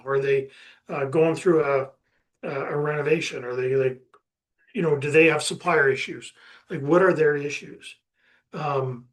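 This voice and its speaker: A man presenting a lesson on negotiation in a conversational, rambling way, with many restarts and fillers. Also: on the high side. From Canada.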